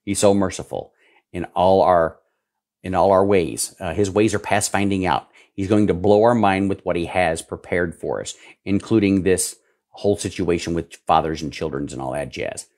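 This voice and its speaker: Deep-voiced fiery preacher man. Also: moderate pace. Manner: fiery preaching, swinging from low mutters to loud cries. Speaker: pastor. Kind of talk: sermon with viewer questions.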